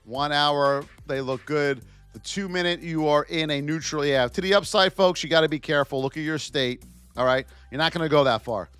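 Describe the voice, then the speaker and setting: A man teaching stock trading while reviewing charts live, in an excitable, playful way with frequent exclamations. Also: fairly high pitch, normal speed, clear, resonant tone, dry recording, faint music behind. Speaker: trading educator.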